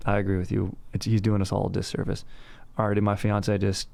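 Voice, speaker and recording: A young man with a lowish voice riffs through a casual movie review. He talks in a slangy, bro-ish way and keeps calling people dude. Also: completely flat delivery, fairly quick, creaky, a little mellow, no echo. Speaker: host.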